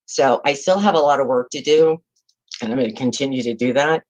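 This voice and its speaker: A woman's voice: extremely low pitch, brisk, a little mellow, poor audio. A woman in her sixties from California, a retiring public defender giving heartfelt, emotional farewell remarks over a video call, close to tears.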